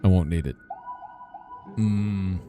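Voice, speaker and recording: A man's voice: sits low, slow pace, over music. A man streaming a game in casual chat, thinking aloud and swearing under his breath as he plays.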